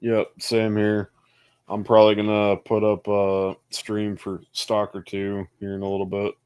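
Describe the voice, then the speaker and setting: A man's voice: fairly low pitch, monotone, a little slow, darkish tone, clean tone, dry recording. A man co-hosting a podcast, chatting casually in a laid-back way with short replies. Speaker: podcast co-host. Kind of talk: casual chat.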